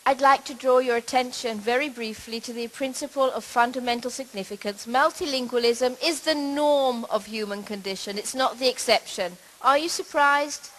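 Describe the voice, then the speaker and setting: A middle-aged woman gives a lecture at a conference, her voice sitting a little high. She explains points in a measured, steady way, now and then restarting a phrase. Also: poor audio. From Britain. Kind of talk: conference talk on language.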